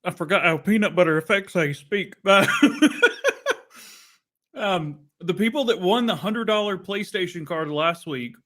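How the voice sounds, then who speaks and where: A man's voice: sits high, moderate pace, fairly bright tone. A man hosting a podcast in joking, playful casual chat. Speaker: podcast host.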